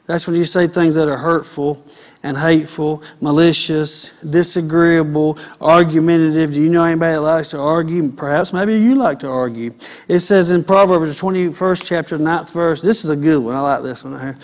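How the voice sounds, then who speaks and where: Fiery high-voiced preacher. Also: male voice, brisk. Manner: fiery, rising to loud exhortation. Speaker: pastor. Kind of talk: sermon.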